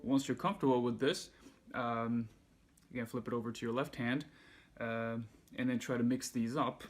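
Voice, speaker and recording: Male music teacher, mid-pitched, easygoing, patient instructor tone, faint instrument underneath. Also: normal speed. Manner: relaxed, patient explaining, counts beats aloud while playing. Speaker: handpan teacher. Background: handpan music.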